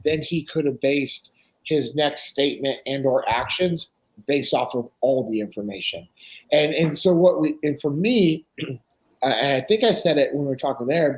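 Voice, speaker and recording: A podcast guest in his forties, a man with a mid-range voice, tells stories in casual conversation on a rough recording. He acts out the dialogue as he goes.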